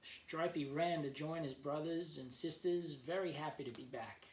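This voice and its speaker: Teacher reading a picture book aloud. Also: male voice, a little high, moderate pace, recorded from a distance, a little hiss or hum. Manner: gentle storyteller who explains words for kids. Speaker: teacher, guest reader. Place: at home, remote learning. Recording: echoey room, voice off-mic, faint background.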